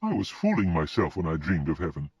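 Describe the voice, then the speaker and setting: A man voicing a distraught, sharp-tongued middle-aged woman in an audiobook, speaking in a raised, emphatic voice. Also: wildly swooping pitch, a little fast, slightly rough, no echo, full character voice. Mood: rueful. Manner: raised pitch, emphatic and indignant. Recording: dull lo-fi recording.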